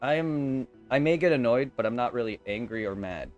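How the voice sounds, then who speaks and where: A man on a live game stream, venting in a heated, profane, rapid-fire way. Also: medium pitch, animated, darkish tone, dull audio, soft background music.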